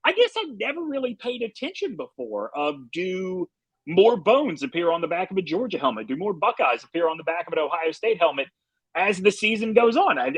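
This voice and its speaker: A man's voice: high voice, husky, no room sound, rough recording. Playful man riffing on a podcast. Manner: playful, laughing, riffs on jokes. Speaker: podcast co-host. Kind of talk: casual chat.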